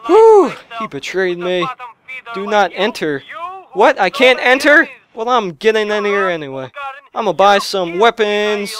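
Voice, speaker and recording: A young man narrates a video game in a high, bright voice that leaps all over the place. He chatters casually, then breaks into loud yelps and shouts at the game. The audio sounds a little lo-fi. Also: animated, unhurried. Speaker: let's play gamer. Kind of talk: excitable gameplay commentary. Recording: lo-fi restored audio.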